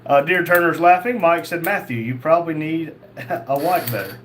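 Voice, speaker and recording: A man's voice: on the high side, normal speed, fairly bright tone, a little hiss or hum. A man hosting a casual livestream, reading chat comments aloud and answering them in a blunt, crude, joking way. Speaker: livestream host.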